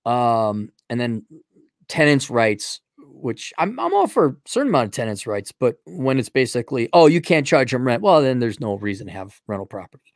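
A man's voice: mid-range voice, sing-song, normal speed, no echo. Blunt, rambling man on a dry mic. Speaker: livestream host. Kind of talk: casual opinionated monologue.

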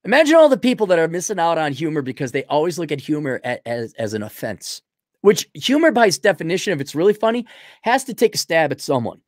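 A young man hosting a livestream, reading out donations and giving blunt, crude opinions, swinging from loud outbursts to low mumbling. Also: sing-song, quick pace, no echo, studio quality. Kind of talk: casual opinionated monologue.

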